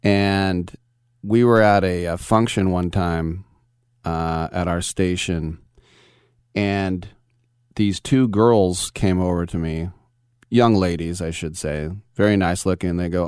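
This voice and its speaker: Middle-aged male sports radio host, deep, smooth resonant voice, dry studio sound, anecdotal. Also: normal speed, darkish tone, dry recording. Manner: rambling anecdotal storytelling with chuckles. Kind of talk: casual sports talk radio.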